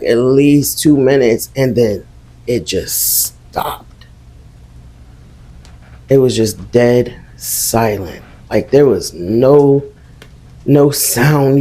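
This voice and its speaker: A man's voice: mid-range voice, dark tone. A man recounting a creepy personal experience, emphatic and swearing, talking to listeners as y'all. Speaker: storyteller in a social media clip.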